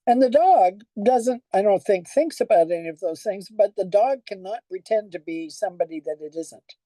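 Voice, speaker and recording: A woman's voice: medium pitch, expressive, normal speed, mellow, no room sound, low-quality recording. An older woman pastor giving a conversational sermon, telling stories and asking the congregation questions.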